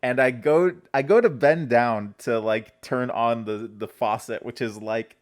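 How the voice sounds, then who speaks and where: Raspy-voiced man, hoarse from fasting. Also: mid-range voice. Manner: animated storyteller, laughs mid-sentence. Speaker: podcast co-host. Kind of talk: casual chat.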